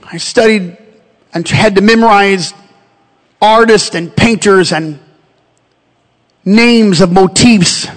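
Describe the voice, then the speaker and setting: A pastor with a strikingly high voice delivers a sermon, moving between quiet storytelling and loud, shouted calls to his listeners. His voice rings out with a long tail of reverb in a church sanctuary. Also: slow, pauses often. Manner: builds from calm storytelling to shouted, high-pitched preaching.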